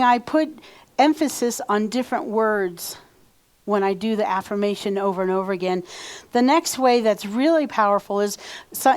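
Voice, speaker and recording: A woman reverend giving a conversational sermon in church and leading the congregation in repeated affirmations. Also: mid-range voice. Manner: conversational, leads call-and-response affirmations. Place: church sanctuary.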